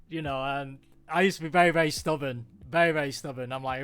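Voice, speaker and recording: A man's voice: fairly high pitch, fast, hardly any pauses, pushed and bright, clean tone. A British man hosting a live stream, chatting casually and animatedly, acting out quoted people in raised voices. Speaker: stream host. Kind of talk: casual chat.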